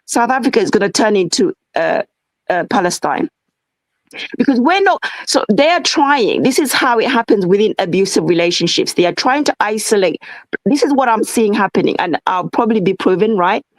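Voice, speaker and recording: A woman's voice: mid-range voice, animated, moderate pace, no room sound, rough recording. A woman in an impassioned discussion, talking fervently, asking rhetorical questions and lecturing her listeners. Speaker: guest.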